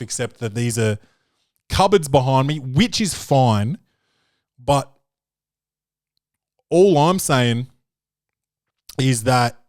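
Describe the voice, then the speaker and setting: A man hosting a comedy podcast from his own studio, rambling and swearing as he riffs. His voice sits at an ordinary pitch for a man. The sound is dry and close, with no room echo. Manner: rambling, profane, jokey, slips into quoted voices. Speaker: podcast host. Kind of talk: comedic film-review podcast rant.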